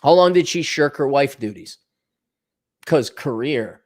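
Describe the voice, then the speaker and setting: A man's voice: mid-range voice, expressive, a little slow, a little mellow. Sarcastic, ranting male podcast host. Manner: mocking put-on voices in asides. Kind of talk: solo podcast rant reading listener donations.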